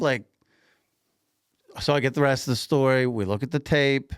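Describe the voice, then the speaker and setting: A man co-hosting a podcast, casually telling an animated anecdote, laughing often and repeating himself. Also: mid-range voice, normal speed, long pauses, smooth, no room sound, studio quality. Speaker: podcast co-host and grocery store owner.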